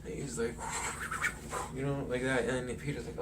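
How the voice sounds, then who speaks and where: A man's voice: medium pitch, little pitch movement, moderate pace. Rambling male vlogger, distant mic. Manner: rambling, filler-heavy, chuckles while talking. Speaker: film commentary vlogger. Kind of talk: casual movie analysis. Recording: distant mic with faint noise.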